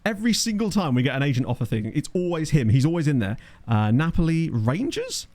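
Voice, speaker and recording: A man's voice: on the high side, sing-song, brisk, a little mellow. A man talking casually as a let's play host, chatting and thinking aloud while he answers viewer questions from his home office on a desktop condenser mic. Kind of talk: casual gameplay commentary reading chat. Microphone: desktop USB condenser mic.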